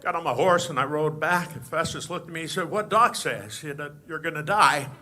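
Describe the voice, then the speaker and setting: An old cowboy drawls in a slightly lowered voice, stuttering and repeating himself as he spins a yarn, as a man puts him on. It is a stand-up impression. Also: a little fast, noisy background, close to an everyday voice. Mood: drawling. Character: drawling, stammering old male film cowboy.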